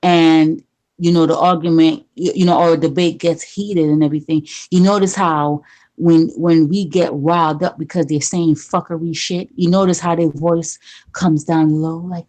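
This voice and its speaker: A woman's voice: deep voice, fairly even intonation, moderate pace, a little mellow. A woman in a casual chat, talking in a rambling, conversational way with emphatic repeats.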